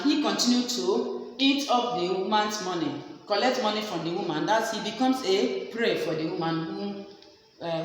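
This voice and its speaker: A woman teaching a literature lesson, slowly explaining and repeating each example. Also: on the high side. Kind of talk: classroom lecture. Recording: very echoey room, faint background noise.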